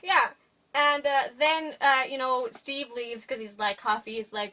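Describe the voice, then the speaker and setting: Young woman co-host, bright higher voice, loose rambling recap with fillers. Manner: rambling, filler-heavy retelling with quick voices for characters. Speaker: podcast co-host. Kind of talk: casual movie recap chat.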